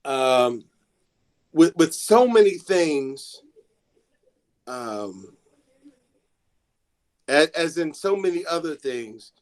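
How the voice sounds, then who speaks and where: A man's voice: on the high side, expressive, drawn-out words, long pauses, darkish tone. A man, a student assistance coordinator, talking to students in a classroom with many restarts and fillers.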